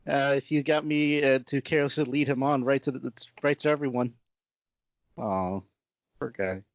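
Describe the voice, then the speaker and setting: A man talking haltingly, with lots of "uh" and "like". He speaks in a mid-range voice on a dry, dull, lo-fi podcast recording. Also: mid-range voice, fairly even intonation, no room sound. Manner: halting, many fillers. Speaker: podcast co-host. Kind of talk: casual fan discussion.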